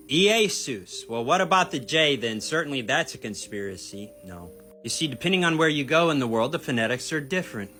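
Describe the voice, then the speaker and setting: A man's voice: medium pitch, pushed and bright. A man explaining a point to his viewers in an emphatic, argumentative way, talking straight to them. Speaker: video teacher on Bible topics. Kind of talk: explanatory commentary video.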